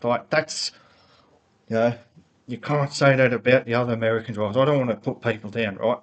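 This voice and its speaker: A man's voice: medium pitch, steady tone, brisk, muffled recording. A man delivers a heated, unscripted fan rant straight into a laptop's built-in mic. He talks in a mid-range voice, rambles, stumbles over restarts and keeps repeating himself as he works himself up. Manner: heated, rambling, repeats words and restarts, grows more worked up. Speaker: motorsport fan vlogger.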